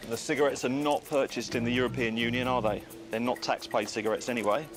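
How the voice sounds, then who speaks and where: A man's voice: mid-range voice, fairly even intonation, fast. A man working as a customs officer, questioning a traveller in a stern, persistent way in a documentary clip. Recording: TV documentary with music under it.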